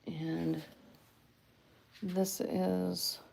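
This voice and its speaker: A woman artist talking viewers through a marker drawing on a casual livestream, unhurried and encouraging, often muttering asides under her breath. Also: lowish voice, little pitch movement, vocal fry, a little mellow. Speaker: comic artist streaming a marker demo. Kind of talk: casual livestream art tutorial.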